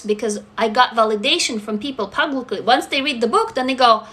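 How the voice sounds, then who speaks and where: A woman's voice: fairly high pitch, a little fast, few pauses, sharp tone. A woman from Russia, chatting candidly on a live stream as an author, blunt, swearing freely and laughing through heavy topics. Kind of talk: casual live-stream chat answering comments.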